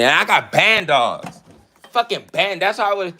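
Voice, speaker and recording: A man's voice: mid-range voice, big pitch swings, measured pace, sharp tone. A man who breeds dogs, ranting in a blunt, profane, boastful way and mocking his rivals. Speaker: dog breeder. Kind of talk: casual rant to camera.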